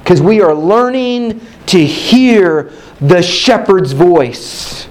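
A man's voice: sits high, lively intonation, extremely slow, poor audio. A man preaching a sermon in a hotel meeting room, building his points through rhythmic repetition and call-and-response with the congregation.

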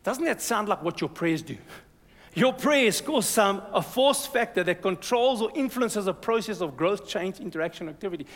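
A high-pitched male pastor preaches with lively energy, urging the congregation on and asking for their "amen." His voice rings through a church hall with a long, reverberant tail. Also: moderate pace. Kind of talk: sermon.

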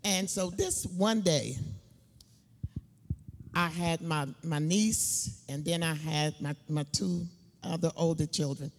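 A middle-aged woman giving a personal testimony in church, telling her story slowly and emphatically, laughing between lines. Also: low-pitched. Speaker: church speaker. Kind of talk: sermon testimony. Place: church building. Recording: long hall reverb.

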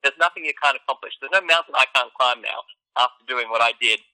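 A man spinning a boastful, animated story in relaxed conversation. His voice is strikingly bright and sharp. He sounds proud and playful as he talks. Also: medium pitch, fast talker, poor audio. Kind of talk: casual storytelling chat.

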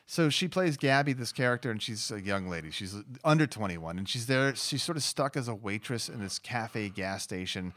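A man's voice: on the low side, animated, normal speed, hardly any pauses, a bit bright. A man co-hosting a casual film podcast, telling stories with many restarts. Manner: rambling storyteller, frequent restarts. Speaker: podcast co-host.

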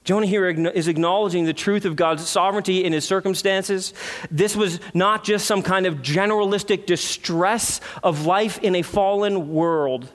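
A man, a pastor, preaching a sermon with earnest rhetorical questions, swinging between loud emphasis and hushed reflection, in a church sanctuary. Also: high voice, moderate pace. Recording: long hall reverb.

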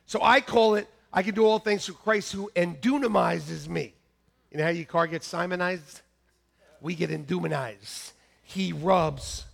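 High gravelly pastor voice, animated preaching in church, laughs a lot. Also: male voice. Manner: animated, laughing, repeats lines to the congregation; shouts mock-angry quotes at peaks. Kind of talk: sermon.

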